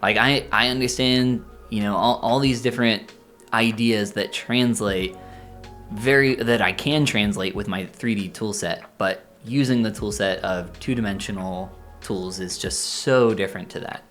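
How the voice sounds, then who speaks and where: A young man from Indiana chatting casually as a co-host, relaxed and rambling, a little self-deprecating. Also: on the low side, unhurried, faint music behind. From Indiana, USA. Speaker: co-host, artist. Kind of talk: casual chat.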